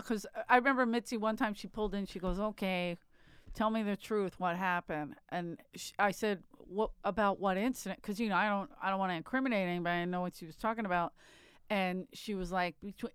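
Woman, smooth clear voice, dry close sound, frank and chatty. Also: medium pitch, brisk, a bit bright, dry recording. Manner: frank, chatty storyteller, laughs often, swears. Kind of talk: casual chat.

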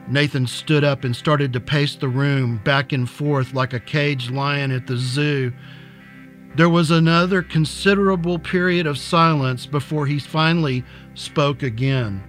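Man reading a story over soft music. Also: a little high, a little slow. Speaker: narrator. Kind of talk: audiobook reading.

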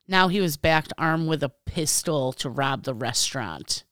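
A woman's voice: deep voice, animated, measured pace, a bit bright, no room sound, clean studio sound. A woman co-hosting a podcast, reading a story aloud and adding blunt, offhand wisecracks. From Illinois, US. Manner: blunt, offhand reader who adds wisecracks. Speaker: podcast co-host.

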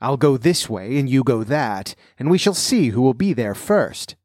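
A sly, hungry wolf from a storybook, put on by a man reading aloud. He talks slowly with a quiet menace. The voice sits close and dry, with no room around it. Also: medium pitch, very animated, no room sound, natural voice.

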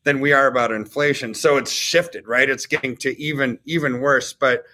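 A man's voice: medium pitch, steady tone, normal speed, sharp tone. Man explaining economics conversationally. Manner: conversational, explains with rhetorical "right?" tags. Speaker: podcast co-host. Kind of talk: casual commentary on economics.

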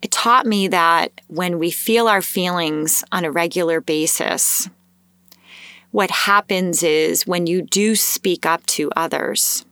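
Animated lowish-voiced woman telling a story. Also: slow pace, no echo. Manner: animated, acts out her own thoughts in a higher voice. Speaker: host sharing a personal story. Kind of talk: casual storytelling.

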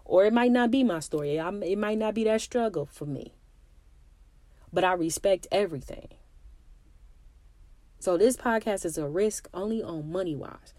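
A woman's voice: mid-range voice, moderate pace, long pauses, darkish tone, dry recording. A young woman hosting her own podcast, talking candidly and emphatically straight to her listeners in a casual motivational monologue. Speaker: podcast host.

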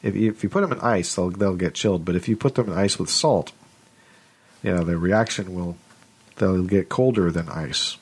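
A man's voice: deep voice, normal speed, slightly rough. A man in casual remote podcast chat, rambling and restarting his sentences. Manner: rambling, self-interrupting, stumbling over words. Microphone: remote call.

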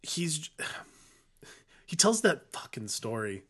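A man co-hosting a podcast, talking about a film in a relaxed, wry way. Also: fairly high pitch, slow, breathy edge. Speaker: podcast co-host. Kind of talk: casual film discussion.

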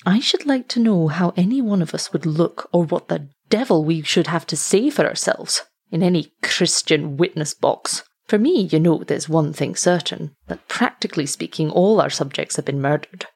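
A man's voice: on the high side, normal speed, vocal fry, hardly any pauses, breathy edge. A woman reading a cool, sneering young doctor. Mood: coolly persuasive. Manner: coolly dismissive, sneering.

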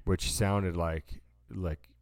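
A man's voice: low voice, fairly even intonation, very slow, dry recording, clean studio sound. A man co-hosting a podcast in casual chat, rambling through stories and acting out what people said. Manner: rambling storyteller, acts out quotes, says "dude". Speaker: podcast co-host.

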